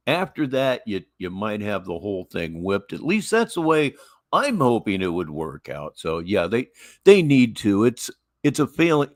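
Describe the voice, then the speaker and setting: A middle-aged man hosts a casual livestream, reading out viewer messages and rambling through his opinions, repeating himself as he goes. His pitch swings widely, and the close mic gives a dry, intimate sound. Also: no echo. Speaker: livestream host.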